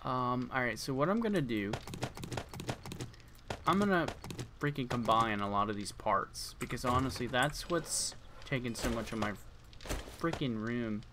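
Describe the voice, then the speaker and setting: A man's voice: medium pitch, animated, unhurried, pauses often, noisy background. A young man casually commenting on his gameplay for viewers, yawning and talking about feeling tired. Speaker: gaming streamer. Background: keyboard clicks and typing.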